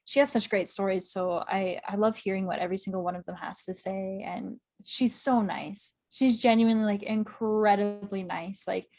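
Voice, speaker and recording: A young woman talking as a podcast guest, at a mid pitch for a woman. She rambles eagerly in casual interview chat, peppering her talk with "like" and breaking into laughter. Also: fairly even intonation, darkish tone. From Canada. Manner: chatty, quick, laughs often, heavy use of "like". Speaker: podcast guest, club correspondent.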